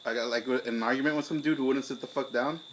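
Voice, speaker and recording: A young man, co-hosting a casual podcast over beers, telling a profane story and acting out his own angry shouting. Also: medium pitch, steady tone, fast talker, slight background noise, low-quality recording. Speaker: podcast co-host.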